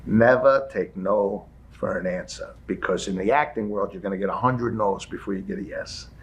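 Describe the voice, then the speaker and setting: A man voicing a calm older male TV actor who gives slow, fatherly advice, in a deeper voice than his own. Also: slightly rough. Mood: advising.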